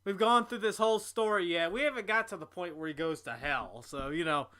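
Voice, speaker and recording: Bright-voiced sarcastic man. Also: high voice, brisk, clean tone. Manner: profane and sarcastic. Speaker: stream host reacting to a clip. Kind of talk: mocking commentary.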